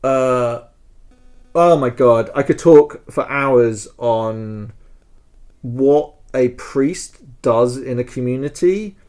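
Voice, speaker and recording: A man's voice: medium pitch, slow, darkish tone. A man co-hosting a podcast, telling a story in a rambling, emotional way with many fillers. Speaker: podcast co-host.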